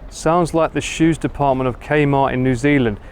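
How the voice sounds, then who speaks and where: A man with an Essex accent talks casually to his live-stream viewers from a city street, answering their comments as he goes. His voice sits at an ordinary middle pitch, with faint street and traffic noise behind him. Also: steady tone, moderate pace, darkish tone. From England. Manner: chatty, reads and answers viewer comments while walking. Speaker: livestream host.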